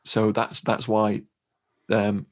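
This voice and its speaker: A man's voice: on the low side, completely flat delivery, slow. A man co-hosting a podcast, recapping a film in casual chat with a dry, wry manner and frequent restarts. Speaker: podcast co-host.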